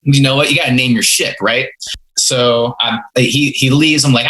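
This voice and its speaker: On a rough recording, a young podcast host recounts his first jobs in a casual, rambling, self-deprecating way. His voice is mid-range with fairly even intonation and a moderate pace, its tone bright and forceful.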